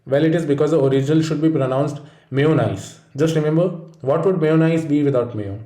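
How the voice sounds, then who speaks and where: A man reads out a pronunciation lesson, steady and explanatory. His voice is mellow and dark. The room around him is echoey. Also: a little high, fairly quick. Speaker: pronunciation teacher. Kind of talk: scripted instructional narration.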